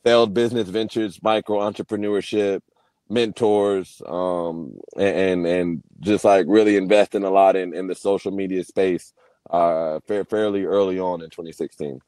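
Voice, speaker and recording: A low, dark voice with fairly even intonation belongs to a young man, a Paralympic swimmer and guest on a casual video-call interview. He moves at a moderate pace, reflecting candidly and often beginning his sentences again, with no room sound.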